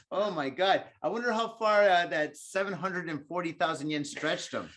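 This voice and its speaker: A man's voice: sits high, normal speed, a bit bright, slight background noise. A tipsy man hosting a podcast, rambling and joking in a profane, casual chat. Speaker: podcast host.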